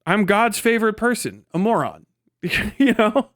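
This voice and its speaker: A man's voice: sits high, sing-song, a little slow, a bit bright, no room sound, studio quality. Profane mocking man ranting on stream. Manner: profane, mocking, laughs often, jumps into silly mimicking voices. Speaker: livestream host. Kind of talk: casual ranting monologue.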